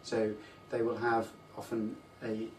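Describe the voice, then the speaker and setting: A man, a surgeon, calmly explaining a bowel disease in clinical detail during a teaching discussion. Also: lowish voice. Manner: measured, explanatory, technical. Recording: echoey room, distant mic, faint noise.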